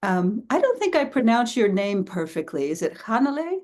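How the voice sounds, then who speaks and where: A woman's voice: medium pitch, very animated, moderate pace, a little mellow. A woman teacher introducing a class in a chatty, casual way, laughing easily and swearing now and then.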